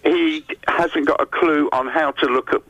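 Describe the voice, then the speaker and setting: A man's voice: fairly high pitch, steady tone, moderate pace, a bit bright, no room sound, muffled recording. A man calling into a radio show, insisting on his idea. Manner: insistent, stubborn. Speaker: caller. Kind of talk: radio phone-in call.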